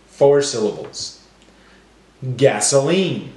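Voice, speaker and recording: Man, early-years teacher, deliberate word drills, encouraging, roomy echo. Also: medium pitch, animated. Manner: slow, stretched word-by-word drills. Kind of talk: phonics lesson for young children.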